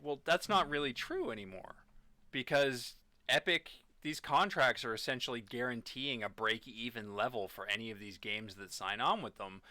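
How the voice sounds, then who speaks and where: A man co-hosting a gaming podcast in casual chat, animated and rambling with lots of fillers. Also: mid-range voice, no echo. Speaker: podcast co-host.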